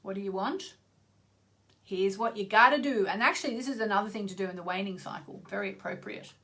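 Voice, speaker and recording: Woman astrologer, vlog host, chatty and rambling, lots of gravel in the voice. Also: mid-range voice, fast, fairly bright tone. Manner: chatty, rambling, many asides. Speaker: astrologer hosting her own channel. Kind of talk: casual spoken vlog.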